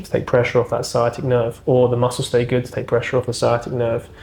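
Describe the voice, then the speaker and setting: A man's voice: medium pitch, gravelly, a little mellow, slight background noise. A man, a chiropractor, demonstrating back exercises step by step, cueing each movement and counting down reps, his voice at times slightly strained while holding a position.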